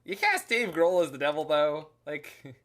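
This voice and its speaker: A man's voice: a little high, wildly swooping pitch, measured pace, a bit bright. A man casually commenting while he streams a card game, rambling with lots of filler and jokey asides. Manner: jokey asides, laughs at his own remarks.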